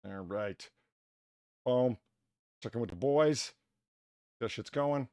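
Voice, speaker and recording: A man's voice: mid-range voice, takes it slowly, darkish tone, dry recording, studio quality. A man hosting a live stream, chatting casually, swearing and mocking himself while he fixes his audio setup. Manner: self-mocking, swearing, thinking aloud while fixing tech. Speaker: podcast host and streamer.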